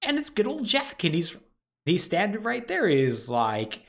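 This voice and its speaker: A man on a podcast, retelling a video game's plot with a lively, swinging pitch. He breaks into quick put-on voices for the characters and keeps the chat relaxed and loose. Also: vocal fry. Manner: animated storyteller acting out characters' lines. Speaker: podcast co-host. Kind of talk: casual game recap chat.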